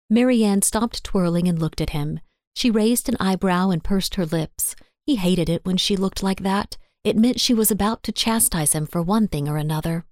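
A woman narrating a story in a steady, even audiobook style. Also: fairly low pitch, dry recording, clean studio sound.

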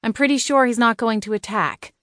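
A woman voicing a sharp-tongued young witch heroine in an audiobook, snapping out defiant demands. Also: on the high side, brisk, no room sound, clean studio sound, pitched above the performer's own voice, natural voice.

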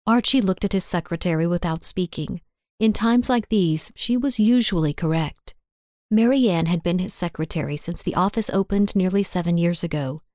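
A woman narrating a story in a steady, even audiobook style. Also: lowish voice, no room sound, clean studio sound.

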